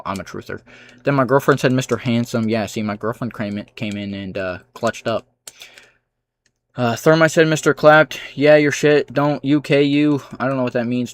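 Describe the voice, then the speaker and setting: A man livestreaming, reading out chat comments with dry, sarcastic replies and low-key asides.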